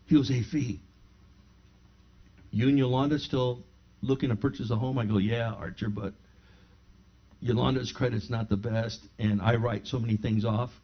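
A middle-aged man, a pastor, preaching and telling a personal testimony in his home, acting out both sides of a conversation. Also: medium pitch. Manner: animated storyteller who acts out both sides of a dialogue. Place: his own home living room. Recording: slightly dull lo-fi sound.

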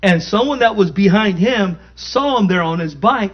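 A fairly high-voiced preacher man. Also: animated, moderate pace, hardly any pauses. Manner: emphatic, call-and-response preaching. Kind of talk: sermon. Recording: dull lo-fi recording.

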